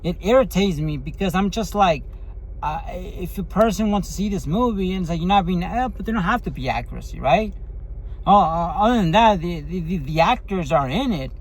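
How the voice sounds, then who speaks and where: High-voiced rambling man. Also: lively intonation, fairly quick, slight background noise, rough recording. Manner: rambling, full of fillers and tag questions. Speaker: movie reviewer. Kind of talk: casual spoken movie review.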